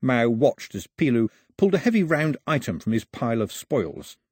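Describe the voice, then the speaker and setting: Husky man narrating a storybook. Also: medium pitch, sing-song, normal speed, a little mellow, no room sound, studio quality. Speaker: audiobook narrator. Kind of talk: scripted narration.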